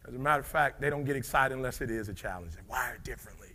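A middle-aged man giving a live motivational speech, dropping to low murmurs and rising to shouted peaks, calling out to the crowd. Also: rapid-fire. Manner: preacher-like call and response with the crowd. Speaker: motivational speaker.

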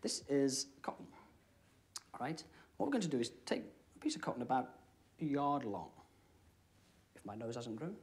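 A young British man performing comedy magic, chatting with a volunteer and dropping deadpan one-liners. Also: mid-range voice, normal speed. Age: young adult. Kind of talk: comic magic patter. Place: TV studio with live audience. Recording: studio audience noise behind.

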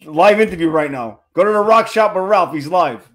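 A middle-aged man hosting a casual interview, jokey and quick to laugh, teasing his guest. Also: sits high, lively intonation. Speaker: host.

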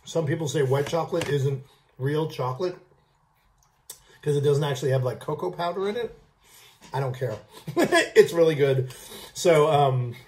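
A food vlog host giving a casual, gushing candy tasting review, with halting "um"s between lines. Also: mid-range voice, a little mellow. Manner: gushing, repeats "I love", halting fillers.

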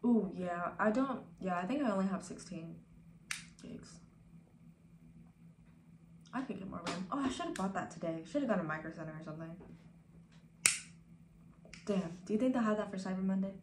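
A woman's voice: medium pitch, expressive, moderate pace, long pauses, noisy background. Casual, cursing young woman streamer. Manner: laid-back and profane, drifting into whispers. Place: home room. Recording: echoey room with faint ambience.

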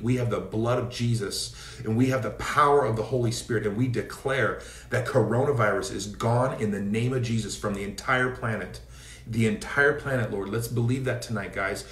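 A man's voice: reverberant, recorded from a distance. A man from the Seattle area leading a fervent prayer and sermon, declaring and telling stories with energy. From Seattle area, Washington State. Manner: fervent, declaring, storytelling with rising pitch. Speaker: preacher.

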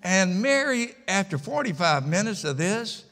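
A man's voice: sits high, sing-song, a little slow, fairly bright tone, in a large hall. An older man preaching a sermon in a church, telling a story in a folksy, emphatic way with repeated phrases. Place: church sanctuary.

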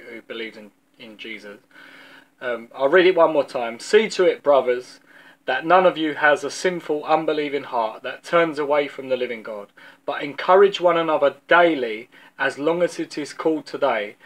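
A man from London with a London accent, giving an informal video sermon as a preacher, telling stories in a loose, conversational way and often repeating words as he restarts. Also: mid-range voice.

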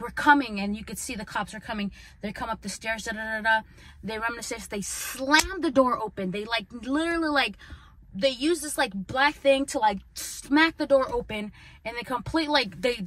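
A woman's voice: a little high, a bit bright. A woman hosting a podcast, telling her own story in an earnest, conversational way, full of "like" and "right?". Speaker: podcast host. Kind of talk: personal storytelling.

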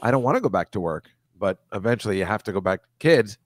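A man's voice: lowish voice, lively intonation, fast, hardly any pauses, no echo. A middle-aged man, a comedian, chatting on a live stream video call. He laughs often and wanders through long anecdotes, and his sound is close and dry. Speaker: comedian guest. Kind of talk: casual chat on a live stream.

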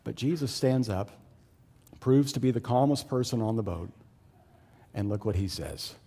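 A male pastor delivering a sermon at a middle pitch. He talks in an easy, conversational way full of asides to the congregation. His storytelling rises loud and excited, then drops to a low, hushed hold on key points. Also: moderate pace, breathy edge, big-room sound.

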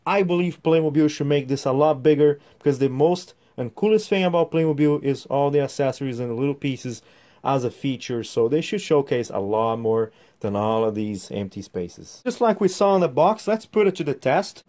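A man's voice: a little high, darkish tone. A man reviewing a toy set in a casual, chatty way, showing the pieces as he explains them.

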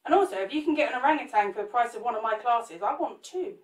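A woman's voice: a little high, lively intonation, fast, distant mic. A woman chatting and joking with viewers as she demonstrates a cake sculpt live. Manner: chatty, jokey, talks to viewers while working. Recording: roomy echo, off the mic.

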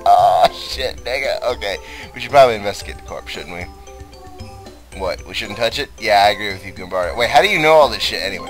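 A young man giving loud, profane let's play commentary with frequent laughing outbursts. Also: mid-range voice, animated, moderate pace, soft background music. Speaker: let's player.

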